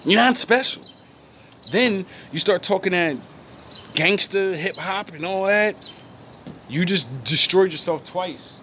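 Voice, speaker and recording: A man's voice: high-pitched, slow, bright, forceful tone, a little hiss or hum. Blunt, profane man ranting. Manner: blunt, profane, mocking, laughs between points. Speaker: vlogger. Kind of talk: ranting opinion monologue.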